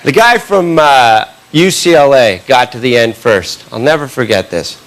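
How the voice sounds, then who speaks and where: A man doing stand-up comedy, telling a long story in a punchy, animated way and often tagging lines with a quick question. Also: medium pitch. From Canada. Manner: animated, punchy delivery with frequent tag questions. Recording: live recording with audible background noise.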